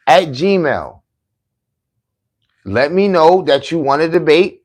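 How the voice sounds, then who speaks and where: A man's voice: on the high side, moderate pace. A man hosting his own podcast in a combative, boastful live-stream talk, taunting and challenging his critics to debate. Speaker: podcast host.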